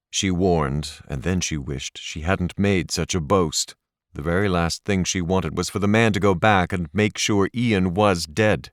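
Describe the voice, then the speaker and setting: A man narrating an audiobook in a measured, expressive reading. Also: deep voice, no echo, clean studio sound. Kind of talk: scripted narration.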